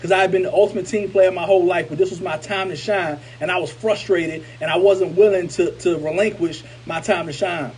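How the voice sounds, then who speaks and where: A man telling a personal story to his viewers in an animated, conversational way, often repeating himself for emphasis. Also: high-pitched, brisk, hardly any pauses, slightly rough, poor audio. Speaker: motivational speaker. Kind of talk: storytelling to camera.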